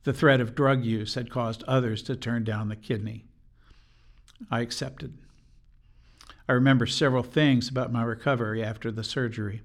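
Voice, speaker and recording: A man's voice: mid-range voice, steady tone, moderate pace, pauses often. Older man reading an earnest testimony. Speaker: podcast guest. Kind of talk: scripted personal testimony.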